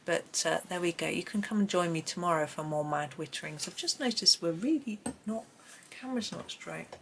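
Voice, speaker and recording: A woman's voice: lowish voice, expressive, a little fast, gravelly, background noise. A middle-aged woman with a Gloucestershire accent, talking and rambling as she leads a colouring tutorial. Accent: Gloucestershire English. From England. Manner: rambling and self-amused, thinking aloud while colouring. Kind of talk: chatty narrated drawing tutorial. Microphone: camera mic on a tripod.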